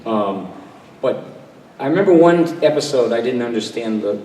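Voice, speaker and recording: A man's voice: medium pitch, lively intonation, mellow. Older man, panel guest, chatty storyteller, heard from far off in a big echoing hall with faint room noise. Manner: chatty, self-deprecating, jumps into quick impressions. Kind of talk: relaxed storytelling to an audience. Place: convention hall. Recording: distant, echoey hall recording with faint crowd ambience.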